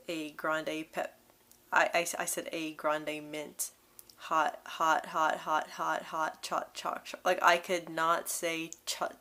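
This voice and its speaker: A young woman talks straight to her viewers in a casual, candid way. Her stutter shows as repeated syllables and blocked words. Her voice sits a little low for a woman. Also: bright, forceful tone. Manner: candid, laughs between phrases. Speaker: vlogger. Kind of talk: casual storytelling to camera.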